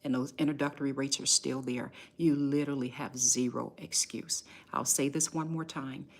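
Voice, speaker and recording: A woman business coach hosts a live stream, speaking directly to her viewers as she pitches her community emphatically and emotionally. Her tone is steady and her pace moderate.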